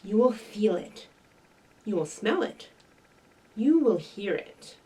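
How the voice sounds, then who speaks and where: Animated woman reading to kids. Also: mid-range voice, slow, slightly rough, distant mic, rough recording. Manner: bright, sing-song, animated. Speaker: children's librarian. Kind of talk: children's story time reading and singing.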